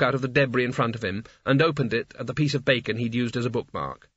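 A man reading a story aloud as narrator in an even storytelling manner. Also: medium pitch, quick pace, few pauses, dry recording, lo-fi sound. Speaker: audiobook narrator. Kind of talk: scripted narration.

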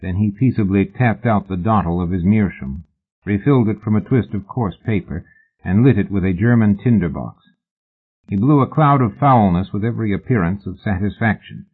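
A man narrating an audiobook in a measured, even storytelling manner. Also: fairly low pitch, husky. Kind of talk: scripted narration. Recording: tinny phone-like audio.

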